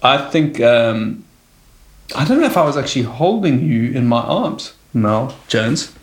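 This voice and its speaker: A man's voice: medium pitch, sing-song, a little slow. A man, a comedian hosting a casual chat and reminiscing. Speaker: comedian and host.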